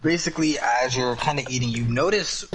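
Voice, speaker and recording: A man's voice: medium pitch, brisk, fairly bright tone, a little hiss or hum, rough recording. A young man narrating as game master, rambling and filling gaps with lots of fillers.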